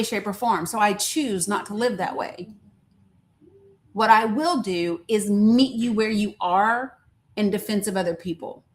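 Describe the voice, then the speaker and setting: A woman, a grandmother, chatting candidly and bluntly on her own live stream, sprinkling in folksy country sayings. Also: mid-range voice. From rural American South. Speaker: livestream host. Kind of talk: casual live-stream chat.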